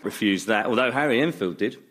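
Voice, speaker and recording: A man's voice: on the low side, expressive, brisk, fairly bright tone. A middle-aged man chatting as a guest in a radio interview, self-mocking and laughing often. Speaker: guest comedian. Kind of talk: casual radio interview chat.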